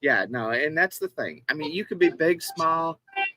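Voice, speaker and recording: A man talking loosely over a live stream, his voice bright and forward. He swears freely and tells stories with animated energy. Faint music plays behind him. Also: fairly high pitch, moderate pace, rough recording. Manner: profane storyteller, animated retelling of a confrontation. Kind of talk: casual chat.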